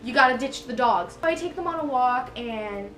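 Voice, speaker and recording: A woman's voice: high-pitched, lively intonation, normal speed, fairly bright tone. A young woman vlogger telling a story in a casual, rambling way, full of fillers and self-corrections. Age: young adult. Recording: echoey room with faint music behind.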